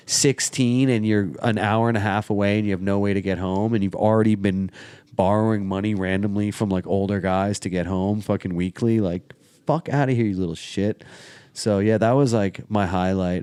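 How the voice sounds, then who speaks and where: A man's voice: fairly low pitch, darkish tone, clean tone, dry recording. Laid-back slangy man telling stories. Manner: laid-back slangy storyteller, heavy swearing and fillers. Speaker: podcast guest. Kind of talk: casual storytelling.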